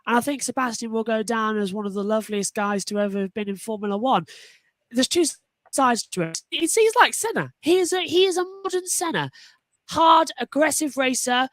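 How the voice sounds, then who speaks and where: A woman's voice: a little high, expressive, normal speed, dry recording. A woman on a motorsport panel talking enthusiastically and animatedly, often restarting her sentences. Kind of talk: casual panel discussion.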